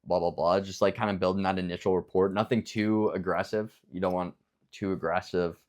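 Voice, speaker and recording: A man's voice: deep voice, fairly even intonation, fairly quick. A young man giving casual, rambling sales coaching, filled with likes and restarts, sometimes acting out both sides of a phone call. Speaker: business coach. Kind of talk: casual instructional talk.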